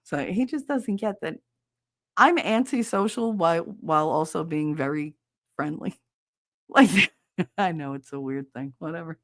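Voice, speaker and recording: A woman's voice: low voice, animated, unhurried, no room sound. A woman in her fifties with a New Jersey accent, hosting a podcast and telling stories in a casual, blunt and profane way, acting out both sides of a conversation. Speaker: podcast host. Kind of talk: casual storytelling chat.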